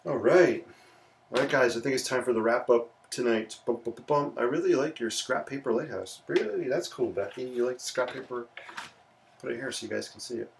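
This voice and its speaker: A man's voice: mid-range voice, brisk, gravelly, recorded from a distance, slight background noise. A man hosting a live sketching and painting stream, talking casually and playfully to viewers as he works. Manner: relaxed, chatty, playful asides. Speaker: livestream art host.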